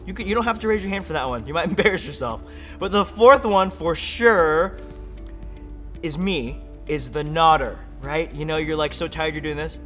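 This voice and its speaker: A young man giving an energetic, playful sermon for children, full of jokes and acted-out voices. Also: a little high, normal speed, faint music behind. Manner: playful, animated, acts out silly voices and laughs. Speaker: kids ministry speaker.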